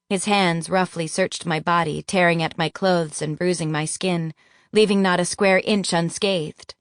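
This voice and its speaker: A woman narrating a first-person audiobook in a measured, even reading. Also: fairly low pitch, no echo, clean studio sound.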